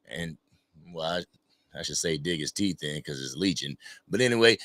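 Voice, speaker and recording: A man's voice: extremely low pitch, normal speed, no room sound. A man hosting an unscripted fan livestream, talking casually and greeting viewers from the chat. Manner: casual, animated, reads chat names aloud. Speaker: livestream host.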